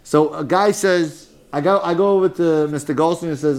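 Brief: man teaching Talmud, slightly high voice, animated and joking, mixes in Hebrew terms. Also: moderate pace, hardly any pauses. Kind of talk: lively Talmud class lecture.

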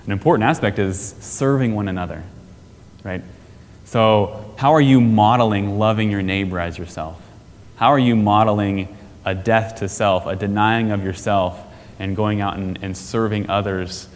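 A man's voice: fairly low pitch, in a large hall. A man giving a casual, conversational church teaching on family discipleship, often asking the audience questions. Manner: conversational, asks the audience questions, frequent "right?".

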